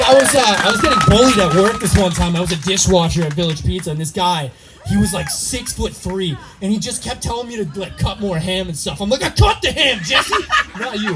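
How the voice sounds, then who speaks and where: A young man giving a rambling, joking wedding toast for his brother, slightly tipsy and laughing often as he talks into a handheld mic. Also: sits high. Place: wedding reception party. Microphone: handheld microphone. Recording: noisy party crowd. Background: crowd chatter and laughter.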